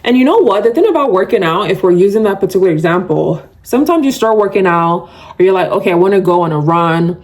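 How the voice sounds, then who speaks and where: A woman hosts her own casual solo podcast, chatting to listeners, laughing often and admitting she loves to yap. She talks fast and animatedly, with a medium pitch and a darkish tone.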